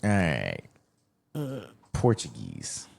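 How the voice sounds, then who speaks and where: A man co-hosting a casual podcast chat, animated and laughing often. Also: extremely low pitch, very slow, vocal fry, husky. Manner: animated, laughs often, slips into mock accents. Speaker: podcast co-host.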